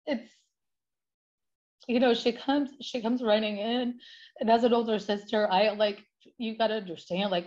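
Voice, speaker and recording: A woman's voice: mid-range voice, darkish tone. A woman speaking as an interview guest, candid and emotional, telling her account in loose, rambling sentences. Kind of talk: personal testimony. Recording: dull lo-fi sound.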